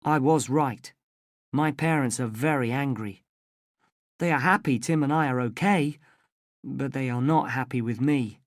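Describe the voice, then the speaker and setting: A narrator reading a simple story aloud in a plain, careful and deliberate way for English learners. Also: mid-range voice, no room sound, clean studio sound.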